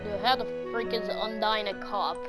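A woman's voice: mid-range voice, fairly even intonation, normal speed, loud music behind the voice. A woman playing through a game, reading its text aloud and joking about what she sees. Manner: reads game text aloud, quips at the screen. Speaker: game player voicing characters. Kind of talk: playthrough commentary with character voices.

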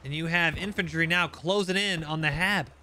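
A man commentating recorded shooter gameplay, excitable and quick to react, with wry asides. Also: on the high side, a little hiss or hum. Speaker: gaming channel host.

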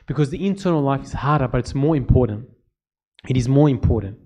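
A man's voice: medium pitch, lively intonation, quick pace, dark tone. A man who is a priest, giving an informal talk to church servants, telling stories. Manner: conversational storytelling, repeats words when emphasizing.

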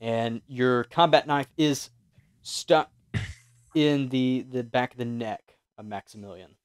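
A man narrating as game master of a tabletop horror game, in a measured, descriptive way. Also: medium pitch, fairly even intonation, clean tone.

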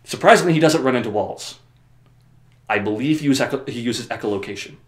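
A man's voice: mid-range voice, lively intonation, brisk. Rambling, joking man in a roomy room. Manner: joking, rambling, sarcastic asides. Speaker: video host. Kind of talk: comedic story summary.

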